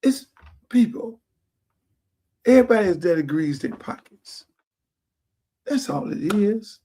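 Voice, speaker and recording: Here a man with a high yet dark-toned voice hosts his own streamed show, animated and a little slow. He rants at viewers casually in a blunt, profane, slang-filled way, picked up by his streaming mic.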